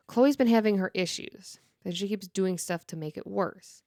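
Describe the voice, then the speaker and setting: A woman co-hosts a casual podcast and tells stories in an animated way, often laughing and getting loud. Her voice sits at a middle pitch. It is recorded up close with no room sound. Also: normal speed, dry recording. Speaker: podcast co-host. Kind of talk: casual chat.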